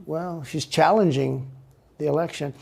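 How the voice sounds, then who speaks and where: A man's voice: fairly high pitch, steady tone, a little slow, vocal fry, a little mellow, husky. A man speaking as an interview guest, rambling and repeating himself with a boastful tone. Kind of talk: played interview clip.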